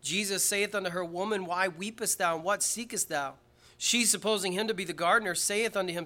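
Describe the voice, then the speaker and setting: Man, pastor, sermon, bright forceful voice, somewhat high, emphatic preaching peaks, church. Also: brisk.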